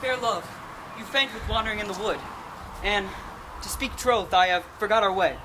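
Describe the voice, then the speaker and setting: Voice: mid-range voice, normal speed, natural voice. An actor playing Lysander, an ardent young nobleman, with passionate verse delivery in outdoor Shakespeare stage acting. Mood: tender. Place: outdoor town square. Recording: outdoor performance with background noise.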